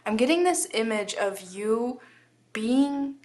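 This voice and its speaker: Slow, chatty young woman. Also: fairly high pitch, lively intonation, a little mellow. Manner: chatty, giggly, lots of filler words. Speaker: tarot reader. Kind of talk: casual tarot reading.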